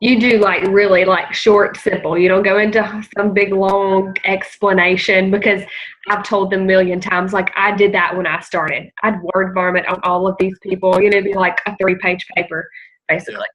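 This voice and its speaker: A woman's voice: mid-range voice, flat delivery, moderate pace, a bit bright. A woman hosting a casual interview, probing and asking for concrete examples. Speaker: host. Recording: dull lo-fi audio.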